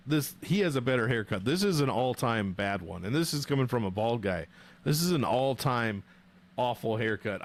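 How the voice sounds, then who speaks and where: A young man hosting a casual livestream, joking and swearing as he banters with viewers from a home streaming setup on a desk mic. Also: mid-range voice. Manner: profane, joking, animated banter. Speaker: livestream host rating fighter nicknames.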